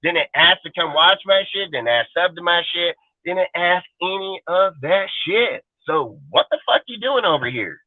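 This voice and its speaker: A man's voice: high voice, lively intonation, normal speed, few pauses, no echo, phone-quality sound. A man hosting a channel, ranting profanely and confrontationally at critics on a livestream. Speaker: channel host. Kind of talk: angry livestream rant.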